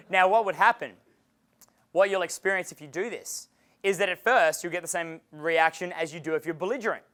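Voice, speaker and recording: A man's voice: sits high, a little fast, fairly bright tone. A man giving a seminar as a dating coach, casual and chatty, swearing freely and laughing at his own stories. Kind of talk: seminar lecture.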